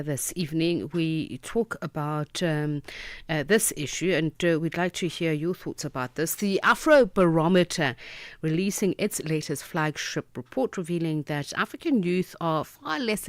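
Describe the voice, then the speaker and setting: A woman's voice: low voice, no echo. A woman hosting a radio interview, talking with many filler sounds and hesitations. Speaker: radio show host.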